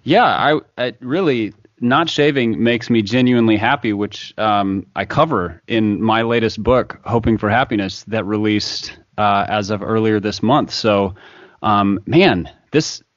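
Dry-voiced lower man, wry podcaster. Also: measured pace, no room sound. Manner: wry, rambling, with fillers. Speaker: podcast co-host. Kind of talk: casual podcast chat. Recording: dry, dull lo-fi sound.

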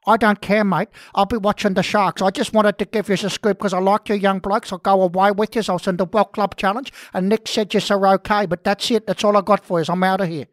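A woman's voice: medium pitch, fairly even intonation, fairly quick, hardly any pauses, dry recording, clean studio sound, close to an everyday voice. A woman with an Australian accent playing a breathless, touchy male rugby league journalist who rambles and stumbles over his words. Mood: blustering. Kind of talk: comedy sketch.

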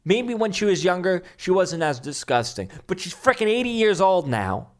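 A male commentator rants in a loose, heated way, mocking and sarcastic as he goes. His voice sits a little higher than most men's. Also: big pitch swings, normal speed. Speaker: political commentator. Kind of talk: casual ranting commentary.

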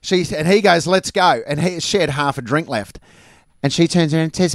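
A slightly high-pitched comedian tells a story in a laid-back, chuckling way. His voice is recorded dry and close, with no room sound at all. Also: fairly quick, no room sound. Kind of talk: casual chat, anecdote telling.

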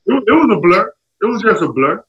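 A middle-aged man telling stories in a casual chat, animated and acting out what others said. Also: brisk, muffled recording. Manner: animated, acts out quotes with jumps in pitch. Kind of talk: casual storytelling.

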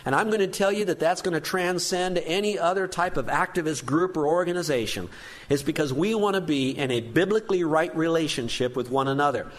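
A man's voice: a little high, fairly quick. Earnest man preaching a sermon. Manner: earnest preaching with emphatic rises. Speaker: pastor.

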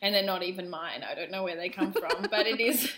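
A woman's voice: on the low side, brisk, reverberant, crowd noise. A woman, co-hosting a casual chat and joking, laughing often and teasing. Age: 30s. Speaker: podcast co-host.

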